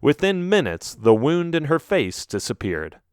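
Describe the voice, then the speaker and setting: A man reading a children's ghost story aloud as an audiobook narrator, telling it in an expressive storytelling manner. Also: on the high side, unhurried, clean tone, dry recording, studio quality. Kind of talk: scripted narration.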